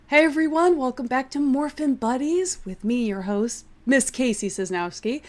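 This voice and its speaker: A woman's voice: sits high, normal speed. A woman, hosting a casual podcast chat, chatty and playful while recovering from the flu. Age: 30s. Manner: chatty, playful, laughs along. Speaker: podcast host.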